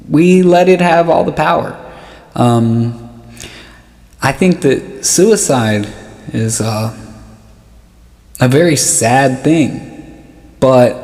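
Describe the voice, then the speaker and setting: A man's voice: on the high side, creaky. Self-mocking stand-up comedian, man. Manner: rambling, self-mocking, laughs at own jokes. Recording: live hall echo with loud noise.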